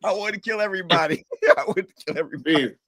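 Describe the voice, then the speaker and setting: A high-voiced man who leads a sports podcast, laughing often and steering the talk along. His voice comes across dry and close, with no room sound. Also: fast, a bit bright, no room sound. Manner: laughs a lot, steers the segment. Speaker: podcast host. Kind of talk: casual sports banter.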